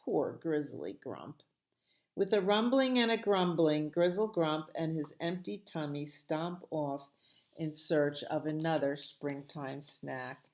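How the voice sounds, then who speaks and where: Slow, expressive woman reading a storybook. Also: deep voice. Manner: expressive, playful read-aloud with sound words. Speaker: children's librarian. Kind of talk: storytime picture-book read-aloud.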